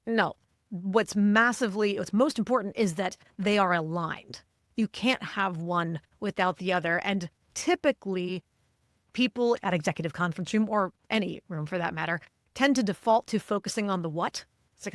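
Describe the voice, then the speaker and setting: A middle-aged woman talks as a communication coach on a podcast, articulate and emphatic, leaning into her points. Her voice sits at a mid pitch. The sound is close and dry, with no room around it. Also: moderate pace, no echo. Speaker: guest, cognitive linguist and executive coach. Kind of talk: podcast interview.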